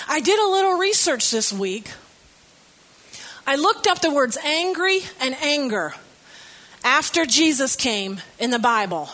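Bright high-voiced woman preaching. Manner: conversational storytelling with humor. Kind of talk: sermon.

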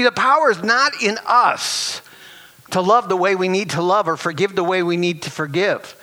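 A man preaching a sermon as pastor, animated and emphatic, with rhetorical questions and chuckles. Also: sits high.

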